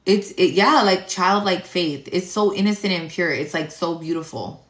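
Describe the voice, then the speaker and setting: A tarot reader with a deep, low voice rambles through a spiritual monologue at a moderate pace, blunt and swearing heavily, leaning on filler words. Her voice echoes around a reverberant room.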